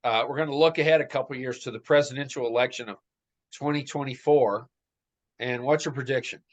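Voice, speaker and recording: A man's voice: mid-range voice, brisk, dull audio. A man co-hosting a podcast, chatting casually about politics and making bold predictions. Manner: opinionated, makes bold predictions. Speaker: podcast co-host.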